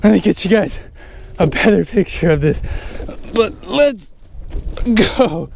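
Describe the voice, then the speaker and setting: Excitable male fishing vlogger, high lively voice with big swoops, slow drawn-out delivery, faint boat noise behind. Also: vocal fry. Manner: excitable, exclaiming, breathless. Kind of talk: excited fishing vlog narration. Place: on a small boat at sea, outdoors.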